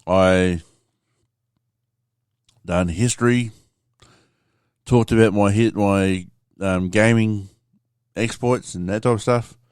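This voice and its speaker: Deep-voiced rambling podcast host. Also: male voice, steady tone, slow pace, long pauses, a little mellow, smooth, no room sound, clean studio sound. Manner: rambling, swears freely, addresses listeners as mate. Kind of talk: casual storytelling monologue.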